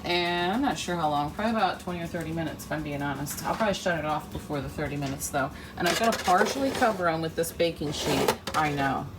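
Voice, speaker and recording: A woman's voice: low-pitched, fast talker, hardly any pauses, noisy background. A middle-aged woman chatting casually in her home kitchen, laughing often as she cooks for a vlog. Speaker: vlogger. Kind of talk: casual cooking vlog chat.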